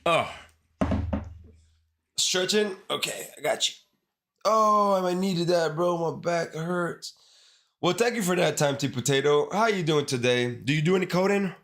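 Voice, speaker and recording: A man's voice: on the high side, measured pace, long pauses, fairly bright tone. A man with a Caribbean accent, chatting casually and in slang with viewers during a live coding stream. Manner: laid-back, slangy, talks straight to viewers. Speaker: livestreamer. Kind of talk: casual livestream chat while coding.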